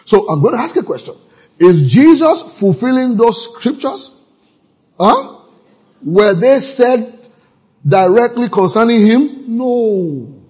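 Male preacher, husky and raised in pitch, reads verses and quizzes the congregation. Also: very animated, takes it slowly, pauses often, a little mellow, poor audio. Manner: questions the congregation and reads scripture aloud, rising to emphatic peaks. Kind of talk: call-and-response sermon.

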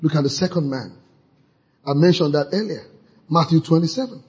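A pastor preaches a fervent church sermon, drawing call-and-response from the congregation and breaking into shouts. His high voice is husky and breathy, and he speaks at a normal speed.

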